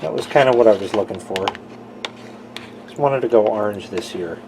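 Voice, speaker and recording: A man's voice: on the low side, moderate pace, background noise. A man chatting casually in a rambling, self-mocking way while filming a home vlog in his kitchen. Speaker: video creator.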